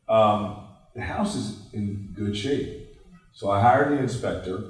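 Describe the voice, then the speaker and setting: Low-voiced male investor, animated anecdotes, recorded far off in a roomy space. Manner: animated storyteller, jokey asides. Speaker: real estate investor panelist. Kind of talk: round table discussion. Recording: echoey room, distant mic.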